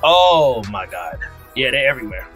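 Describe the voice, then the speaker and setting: A man hosting a casual podcast, animated and joking, often breaking into laughs. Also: medium pitch, moderate pace, over music. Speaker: podcast host.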